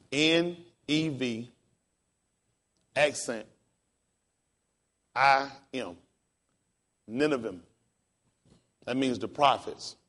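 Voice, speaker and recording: Male pastor, mid pitch, unhurried, casual teacher who spells terms out letter by letter. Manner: spells words out letter by letter, upbeat and encouraging.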